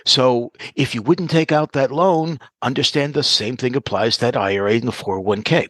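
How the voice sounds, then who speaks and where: A man's voice: medium pitch, moderate pace, fairly bright tone, no room sound. A man interviewed as a financial advisor, explaining ideas step by step with worked examples. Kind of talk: interview answers.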